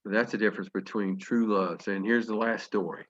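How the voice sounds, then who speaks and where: A fairly low, steady voice moves briskly through earnest, folksy motivational stories. The speaker is a Southern man in his fifties from North Carolina on a video call, and the audio has its highs cut off.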